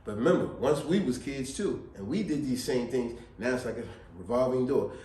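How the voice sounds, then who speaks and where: A man giving casual family advice, preachy and animated, repeating his points. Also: mid-range voice, normal speed, roomy sound. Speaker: video host.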